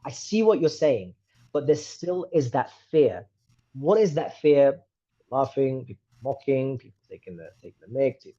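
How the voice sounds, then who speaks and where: In a casual interview conversation, a thirtysomething man from the United Kingdom with a British accent, a guest and reciter, drifts from one tangent to the next, chatty, candid and self-deprecating. His voice is husky, slightly rough, mid-range and a little mellow, and the podcast microphone recording sounds somewhat muffled and lo-fi.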